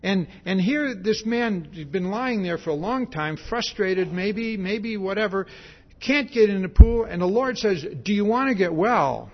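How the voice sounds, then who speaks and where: Male pastor, husky and fairly high voice, chatty sermon, lo-fi recording. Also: unhurried. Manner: repeats words, asks "See?" often, acts out quotes. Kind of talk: conversational sermon. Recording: dull lo-fi sound.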